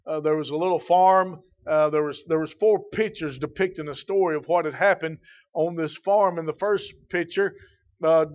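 A man's voice: fairly high pitch, fairly even intonation, normal speed, lo-fi sound. A man preaching a sermon as pastor, emphatic and repeating key phrases for weight.

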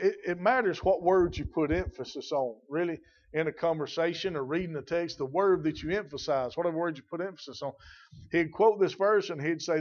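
A man preaching a sermon, slowing down to stress scripture and repeating key phrases for emphasis. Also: fairly high pitch, highs cut off.

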